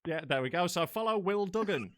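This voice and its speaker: A man's voice: high voice, expressive, brisk. A British man hosting a casual comedy chat on a video call from home, swearing and bantering in a laid-back way. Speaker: host.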